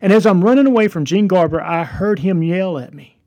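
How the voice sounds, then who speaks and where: A man's voice: high-pitched, a little fast, dark tone. A man, hosting a devotional podcast and telling a story in an earnest, encouraging way. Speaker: podcast host.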